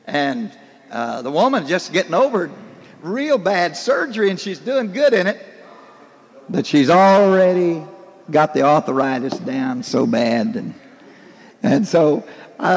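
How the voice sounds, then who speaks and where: An older man with a high voice preaches a folksy, animated sermon. It was recorded in a church hall in the early 1990s.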